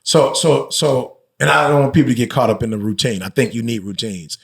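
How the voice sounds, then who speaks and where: A man's voice: mid-range voice, a little fast, creaky, husky. A middle-aged man, a motivational speaker and pastor, talking candidly as a podcast guest in a reflective, emphatic way with slangy asides. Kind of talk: candid conversational interview.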